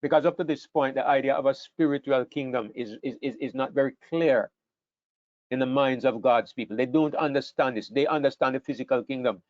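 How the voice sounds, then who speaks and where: A man teaching an online Bible class, talking in an animated way and sometimes repeating words as he thinks. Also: medium pitch, fairly quick, no echo. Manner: animated, acts out scripture quotes, repeats words while thinking. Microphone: online call microphone. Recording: dull, dry online call audio.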